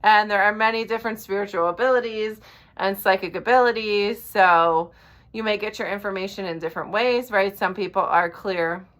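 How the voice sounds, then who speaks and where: Her voice is medium in pitch, a little bright, and fairly quick. As a life coach addressing the camera directly, she delivers an earnest, blunt talk, pausing to check in with listeners after each point and dropping a swear word here and there.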